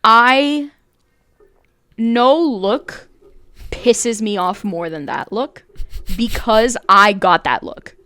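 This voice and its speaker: A young woman co-hosting a podcast in loose, rambling chat. She is blunt and curses freely as she tells her stories. Her voice is smooth, and the sound is close and dry. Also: fairly high pitch, very slow, long pauses, sharp tone, no echo. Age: young adult. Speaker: podcast co-host. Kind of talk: casual chat.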